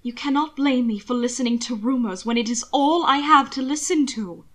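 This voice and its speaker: A woman's voice: sits high, moderate pace, pushed and bright. Tense young husband pushing back, shaky but stubborn , as a woman reads him. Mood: fearful anger. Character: frightened but defiant young husband, a man. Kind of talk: audiobook reading of fan fiction.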